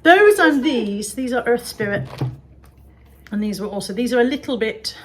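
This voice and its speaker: A woman's voice: fairly high pitch, animated, normal speed, slight background noise, poor audio. A woman from England showing off her second-hand finds in a chatty, jokey, rambling way. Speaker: vlogger showing resale finds. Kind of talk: casual chat.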